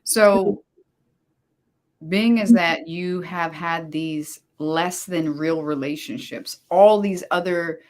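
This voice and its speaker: A woman hosting an interview, asking measured, probing questions about relationships. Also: on the low side, a little mellow. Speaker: host, relationship coach.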